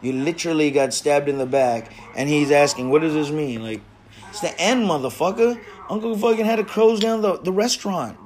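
Brief: male host, slightly high voice, rowdy and animated, swears a lot, casual chat. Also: fairly quick. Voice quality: loud, profane and animated. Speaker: host of a smoking stream show. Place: garage.

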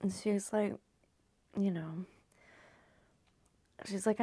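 A woman's voice: fairly low pitch, fairly even intonation, unhurried, creaky, pauses often, a little mellow, dry recording. A woman from California chatting loosely through a story recap, rambling and swearing, often sinking into a near-whisper. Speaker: video host recapping a story. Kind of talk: casual recap chat.

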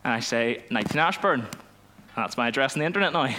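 A young man, a youth pastor telling a personal story in a sermon, animated and self-mocking, acting out the dialogue. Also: medium pitch, fast talker, a little hiss or hum. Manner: animated storytelling, laughs at himself, acts out dialogue.

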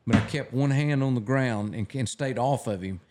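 Older man, folksy halting storyteller. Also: mid-range voice, noisy background. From Texas. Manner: halting, restarts, folksy drawl. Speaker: guest photographer. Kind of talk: casual storytelling.

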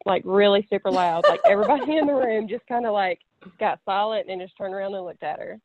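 A woman chatting casually over a call, relaxed and quick to laugh. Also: medium pitch, dry recording. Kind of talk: casual chat. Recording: tinny phone line, dry.

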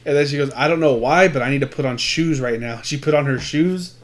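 A man's voice: medium pitch, a little fast. A man telling a rambling story in casual chat, swearing a lot and acting out what people said. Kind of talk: casual chat between friends.

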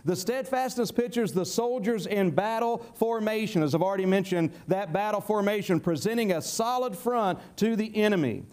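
High-voiced man preaching with emphasis. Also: a little mellow. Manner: folksy, emphatic, repeats words when starting. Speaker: pastor. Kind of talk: sermon.

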